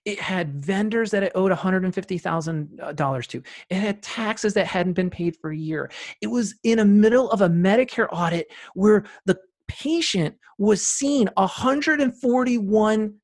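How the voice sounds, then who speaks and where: A man guest on a podcast, telling stories from running a practice with emphatic repetition and loud rising bursts. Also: sits high, a little slow, few pauses. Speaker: guest, practice owner and CEO. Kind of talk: podcast interview storytelling.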